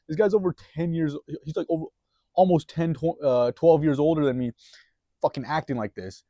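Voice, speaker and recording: A man's voice: fairly high pitch, moderate pace, darkish tone, dry recording. A man telling a story in a rambling, profane, casual way, full of restarts and chuckles.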